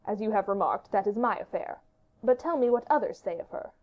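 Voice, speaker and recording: A woman's voice: medium pitch, expressive, a little fast, lightly acted. A woman voicing a curious, commanding male king in an audiobook. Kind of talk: audiobook character reading. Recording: dull lo-fi audiobook recording.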